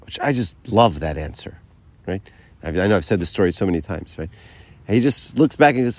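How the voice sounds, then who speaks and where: Man, very low voice, casual teaching talk to a group, acts out quotes, checks in with "right?". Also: animated, brisk, darkish tone. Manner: conversational, many fillers and asides like "right?"; tells stories by acting out quotes. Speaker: speaker giving a faith talk.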